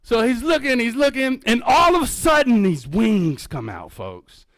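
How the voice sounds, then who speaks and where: A man giving a keynote talk as a birder and educator, telling a story with lively energy, calling the audience folks and acting out his own reactions. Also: very high-pitched, a little slow, no echo. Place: museum event hall.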